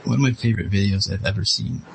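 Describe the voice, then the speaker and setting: A man's voice: on the low side, quick pace, vocal fry. A man in casual online group chat, laid-back and rambling with ums. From United States. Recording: noisy background hiss.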